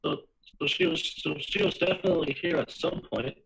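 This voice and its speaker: Gravelly-voiced male tabletop player. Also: fairly high pitch, animated, a little fast, a bit bright, rough recording. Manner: repeats words as he starts sentences. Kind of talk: in-character tabletop play.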